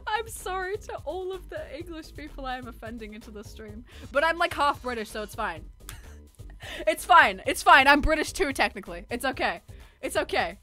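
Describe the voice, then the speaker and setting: Young woman streamer, high voice, swoops up and down, laughs a lot, casual game chat. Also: normal speed, soft background music. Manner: excitable, laughs and swears often.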